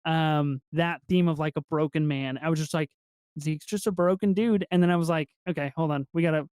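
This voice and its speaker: A man co-hosting a podcast in casual film review chat, excitable and swearing freely as he acts out movie lines. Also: a little high, brisk, clear, resonant tone, dry recording, studio quality. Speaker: podcast co-host.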